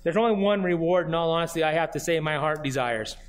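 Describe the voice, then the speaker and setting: A man's voice: a little high, fast, clean tone. A man, a pastor, preaching a sermon in an earnest way, reading scripture aloud and pressing his points with repeated questions. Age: adult, grew up and did junior high marching band.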